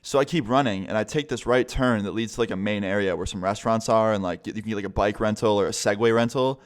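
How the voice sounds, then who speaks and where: A man's voice: on the low side, fast. A young man vlogging a casual storytime, rambling and swearing a lot. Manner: rambling, profane, chatty.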